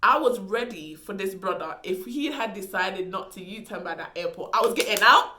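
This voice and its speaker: A young woman vlogger telling a story in an animated, dramatic way, with casual slang. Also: mid-range voice, normal speed, roomy sound, background noise. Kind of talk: storytime vlog.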